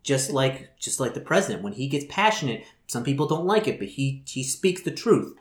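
A man's voice: medium pitch, very animated, normal speed, lightly acted. A man voicing a foul-mouthed, scheming woman city official, stammering and repeating words in a roomy, echoey recording. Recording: roomy echo.

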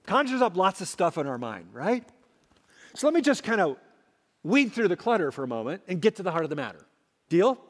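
A man preaching a sermon as a pastor, emphatic, swinging between loud and hushed. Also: high-pitched. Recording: long hall reverb.

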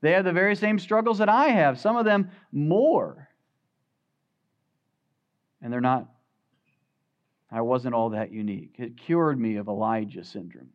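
A man preaching a sermon as pastor, swinging from loud emphatic peaks to quiet, low asides. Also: a little slow, long pauses, muffled recording.

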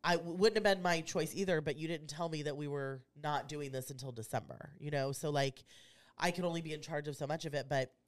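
A woman's voice: sits low, a little fast. A woman, co-hosting a casual podcast as an insurance agent, chatty and rambling. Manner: chatty, rambling, laughs easily. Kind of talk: casual chat.

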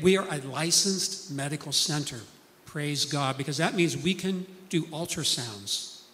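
A man's voice: on the high side, fairly bright tone, in a large hall. A man preaching a sermon, telling stories earnestly and acting out the people he quotes.

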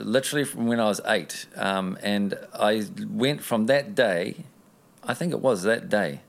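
Gravelly low-voiced New man. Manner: earnest, rambling, with many restarts. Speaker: interview guest. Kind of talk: casual personal storytelling.

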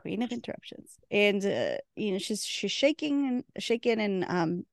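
A woman's voice: medium pitch, big pitch swings, normal speed, vocal fry, no room sound, studio quality. A woman co-hosting a podcast, recapping a TV episode in a chatty way and laughing often. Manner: chatty, laughs often, acts out characters' lines. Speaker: podcast co-host.

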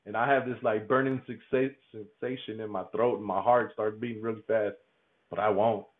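A man giving a candid interview, talking haltingly, repeating words and laughing often. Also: fairly low pitch, fairly even intonation. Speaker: podcast guest. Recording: tinny phone-like line.

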